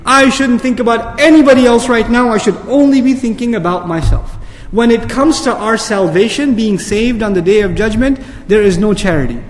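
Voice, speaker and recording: High-voiced man preaching in an echoing hall. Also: moderate pace. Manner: earnest, rhetorical questions, rising to emphatic peaks. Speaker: Islamic speaker. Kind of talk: sermon.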